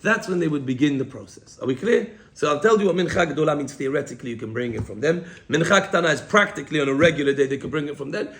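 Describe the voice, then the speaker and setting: A man teaching a Torah class to students, explaining with lively emphasis and frequent checks that they follow. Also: on the high side, racing, few pauses.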